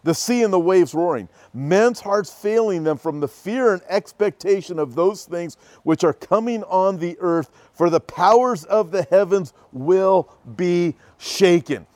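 A man with a slightly higher voice than most, emphatic and earnest, who reads headlines out slowly before commenting on them. The sound is close and dry, with no room around it. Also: a little mellow, dry recording. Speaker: preacher commenting on news. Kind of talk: talk show commentary with scripture.

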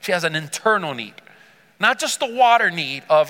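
A man preaching a sermon, retelling a Bible story with lively character voices and calling on the congregation to respond. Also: sits high, normal speed. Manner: engages congregation with call-and-response. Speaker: pastor. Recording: reverberant church hall.

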